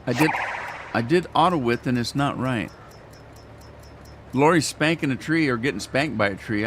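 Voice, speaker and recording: Older man, casual rambling game commentary, mid pitch, faint noise behind. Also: a bit bright. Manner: rambling, chatty, self-deprecating. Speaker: gaming streamer.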